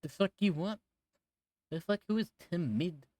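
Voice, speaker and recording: Man doing a rude dock merchant, high and shouting, foul-mouthed, dry close recording, tabletop game voice. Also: lively intonation, quick pace, dry recording. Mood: hostile. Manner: rude, yelling, swearing. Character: crude loud male dock merchant.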